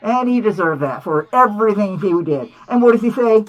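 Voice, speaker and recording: A woman hosting a cartoon commentary, talking in an animated, indignant way full of rhetorical questions. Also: mid-range voice, a little fast, dull audio, faint music behind. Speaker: host.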